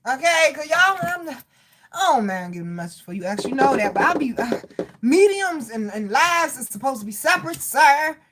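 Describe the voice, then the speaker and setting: A woman giving a live medium reading, talking casually with spirits, laughing often and swinging between loud outbursts and soft murmurs. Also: sits high, big pitch swings, normal speed. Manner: casual, slangy, chatty.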